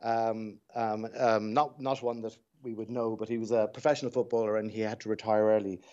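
A man's voice: lowish voice, little pitch movement, brisk, darkish tone, dull audio. An Irish man, a dialect coach, telling anecdotes as a radio guest in a reflective way with frequent restarts.

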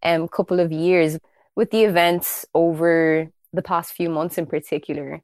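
An Irish woman with a low voice hosts a casual interview. She speaks earnestly and softly, and the recording is dry and close with no room sound. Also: steady tone, moderate pace, no echo. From Ireland, raised in Kildare. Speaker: podcast host.

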